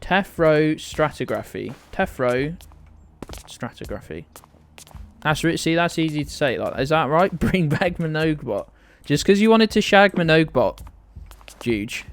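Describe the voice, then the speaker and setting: A British man streaming a game, rambling casually and cursing now and then, often trailing off into quiet mumbles. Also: a little high, lively intonation, moderate pace, a little hiss or hum. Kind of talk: casual gaming chat.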